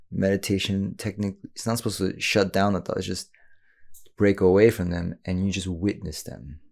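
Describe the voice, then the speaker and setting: A man's voice: sits low, creaky, a little mellow, no room sound, clean studio sound. A man hosting a podcast, talking in a casual, rambling way with lots of filler words. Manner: rambling, many "you know" and "like" fillers. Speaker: podcast host. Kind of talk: casual reflective monologue.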